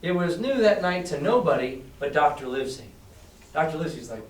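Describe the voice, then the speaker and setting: A high-voiced male teacher reads a novel aloud and talks it over casually with his class. He quizzes them as he goes. The voice sounds echoey and distant from the microphone. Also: lively intonation, brisk. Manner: casual, chatty, asks the class questions. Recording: echoey room, far from mic.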